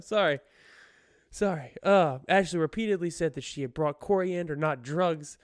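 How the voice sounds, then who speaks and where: Retelling a news story on his own podcast, a man keeps things casual and laughs a lot. His pitch is fairly high, his speed normal, and the studio-quality audio has no echo.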